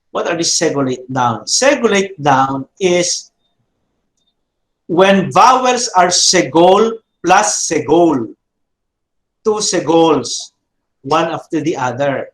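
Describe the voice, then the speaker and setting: A middle-aged man teaches a class, his fairly high voice unhurried and full of pauses and fillers. He drills examples by repeating them over and over. His voice echoes around the room. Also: fairly bright tone. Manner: slow, halting explanation with frequent fillers and repeated drills. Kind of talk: classroom lecture.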